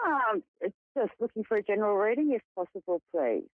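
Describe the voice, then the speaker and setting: A man calling in to a radio show, asking for a reading in a hesitant, halting way. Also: high voice, big pitch swings, no room sound. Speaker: caller. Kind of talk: phone call-in. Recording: tinny phone line.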